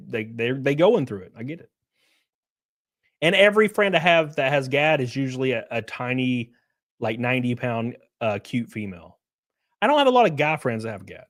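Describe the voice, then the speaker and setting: A man hosting a live stream, talking crudely and joking with his chat, laughing often. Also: mid-range voice. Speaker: streamer host. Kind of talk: casual live-stream commentary.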